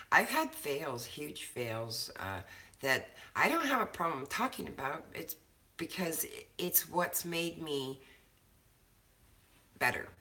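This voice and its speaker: Casting: talkative woman co-host, low pitch, crisp bright edge, casual and swearing. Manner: chatty, swears casually, laughs often. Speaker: co-host of a cannabis show. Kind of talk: casual chat. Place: home kitchen.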